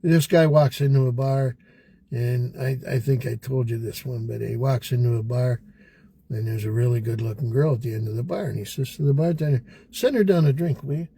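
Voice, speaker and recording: An older man chatting on a podcast, telling jokes slowly with many pauses and fillers. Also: medium pitch, fairly even intonation, creaky, dark tone, husky. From Canada. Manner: slow and halting, hesitates with fillers. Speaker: podcast guest. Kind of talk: casual joke-telling chat.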